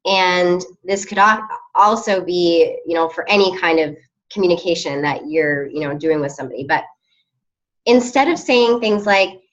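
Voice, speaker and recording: A woman's voice: fairly low pitch, moderate pace, muffled recording. Upbeat woman leading a team call. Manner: upbeat, chatty, lots of fillers.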